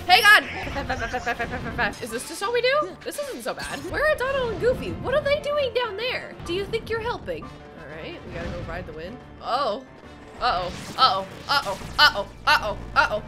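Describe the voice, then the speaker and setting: A woman's voice: high-pitched, moderate pace, over music. A woman playing a video game on stream, chatting goofily to the characters and joking, with a sore throat. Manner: goofy, excitable, talks to the game characters. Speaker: gaming streamer. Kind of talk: casual let's-play commentary.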